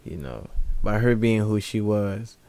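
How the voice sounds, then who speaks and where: A relaxed young man with a Southern US accent co-hosts a casual podcast chat. He tells stories in easygoing slang. His voice sits a little low. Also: measured pace. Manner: laid-back, slangy storytelling. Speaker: podcast co-host.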